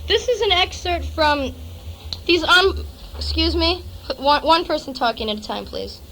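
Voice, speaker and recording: Woman, spoken word performer, very high pitch, sardonic and profane, live club bootleg with faint hiss. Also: lively intonation, measured pace. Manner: profane, sardonic storytelling that swings to shouting. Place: small club stage with a live audience.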